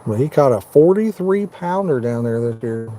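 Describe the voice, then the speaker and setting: Hosting a nighttime fishing livestream from his parked truck, an Indiana man talks casually and folksily with viewers, calling them by name. His medium-pitched voice is expressive and warm at normal speed, with slight background noise, and he comes across as easygoing.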